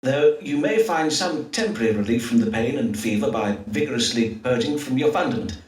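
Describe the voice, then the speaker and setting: An actor voicing an Elizabethan astrologer-doctor who speaks in measured, formal old-fashioned phrases with hesitant fillers, in a game. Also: male voice, medium pitch, expressive, a little mellow, lightly acted. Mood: grave. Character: Elizabethan astrologer-doctor, pompous yet awkward. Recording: distant roomy game audio.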